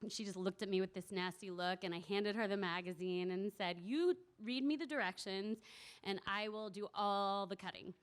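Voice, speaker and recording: A woman's voice: mid-range voice, moderate pace. A young woman telling a personal story to a live audience at a community event, now and then laughing and acting out voices. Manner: warm, laughing, acts out voices in quotes.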